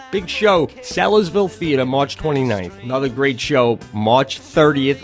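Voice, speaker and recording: A man co-hosting a comedy podcast, teasing his partner in casual chat. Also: medium pitch. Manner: teasing, laughing often. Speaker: podcast co-host.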